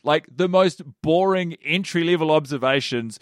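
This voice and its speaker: A man's voice: mid-range voice, normal speed, a bit bright, no room sound, clean studio sound. A man co-hosting a podcast, casually picking apart a comedy special and rambling with lots of filler words. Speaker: podcast co-host. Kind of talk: casual comedy review chat.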